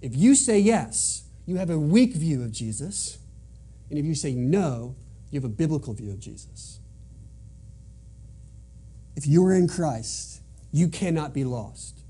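A man's voice: on the high side, sing-song, measured pace, pauses often, mellow, slightly rough. A man preaching a sermon in an earnest, emphatic way, driving points home by repeating them. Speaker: pastor.

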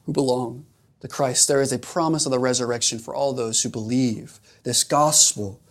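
A man's voice: mid-range voice, steady tone, moderate pace. A man preaching a sermon in an earnest, emphatic way, repeating phrases for rhetorical weight.

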